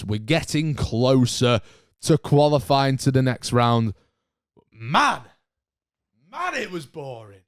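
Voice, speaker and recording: A young man hosts a solo podcast, animated and ranting with cheeky banter. His voice sits at an ordinary middle pitch and the sound is dry and close, with no room around it. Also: clean tone, no echo. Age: young adult. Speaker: podcast host. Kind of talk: casual solo podcast chat.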